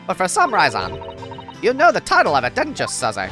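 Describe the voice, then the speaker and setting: A man's voice: high voice, huge pitch swings, brisk, pushed and bright, faint music behind, voice pushed up, exaggerated voice. A man doing an eager young woman writer.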